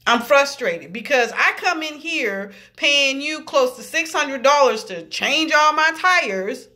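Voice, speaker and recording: A woman's voice: sits high, pushed and bright. A woman ranting heatedly about a bad customer service visit, swearing freely and acting out what each person said. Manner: heated, swearing freely, quoting people in voices. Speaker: vlogger. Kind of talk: angry storytelling rant.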